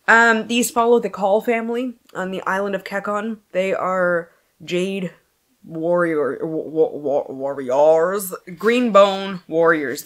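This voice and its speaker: A woman chatting casually about books for a vlog at home, scattered and jumping between thoughts, swearing freely and laughing often. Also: low voice. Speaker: book vlogger. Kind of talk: casual book wrap-up chat.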